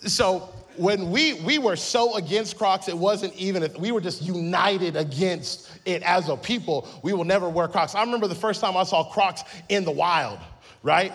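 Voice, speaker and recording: A man's voice: high voice, normal speed. A man in his thirties preaching a sermon, telling a funny story and acting out the quotes. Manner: lively storytelling with acted-out quotes and humor. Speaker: pastor.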